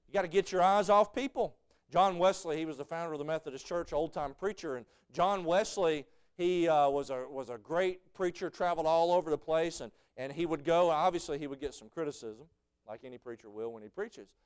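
A man preaching a folksy sermon, telling stories and rising to shouted fervor. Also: fairly high pitch, brisk, clear, resonant tone.

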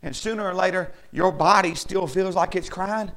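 A man preaches to his church in a high-pitched voice. His tone is rough and gravelly. He swings between loud, emphatic calls and hushed, homely asides. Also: moderate pace. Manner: swings from shouting to quiet, folksy and emphatic. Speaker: pastor. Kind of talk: sermon.

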